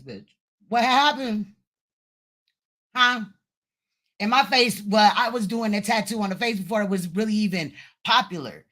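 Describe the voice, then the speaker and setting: A woman's voice with a bright, sharp edge fires off profane insults in a heated livestream rant. She is a host answering back with crude, cutting retorts. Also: mid-range voice, measured pace. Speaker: live stream host.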